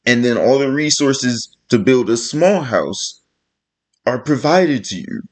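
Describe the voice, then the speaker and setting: A man's voice: medium pitch, lively intonation, slow. A man delivering a blunt, profane, exasperated rant to camera as a vlogger. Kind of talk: ranting vlog monologue.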